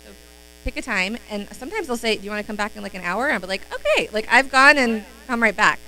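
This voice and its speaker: A woman with a bright, crisp voice shares sales tips in a casual live-stream chat. She sounds confident and matter-of-fact. A faint electrical hum sits behind her. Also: medium pitch, fast talker, poor audio. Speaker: sales consultant.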